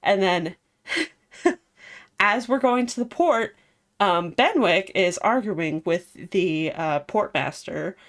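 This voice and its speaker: A woman chatting through a recap of a game's story, loose and rambling, full of fillers. Her voice is very lively, sliding up and down a lot. She talks like she is catching up a friend. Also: mid-range voice, slow. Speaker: game streamer. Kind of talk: casual game recap.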